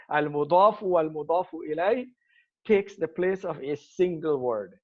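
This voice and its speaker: A man teaching an online grammar lesson, spelling out terms slowly and calling on students by name. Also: a little high, muffled recording. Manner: slow, deliberate drilling of Arabic terms, calling on students.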